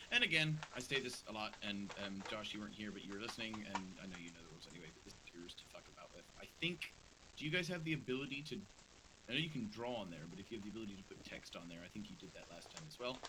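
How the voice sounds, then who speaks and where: A man acting as dungeon master, chatting quickly and teasing his players in a casual online game session. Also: on the low side, noisy background. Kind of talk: casual chat running a tabletop game.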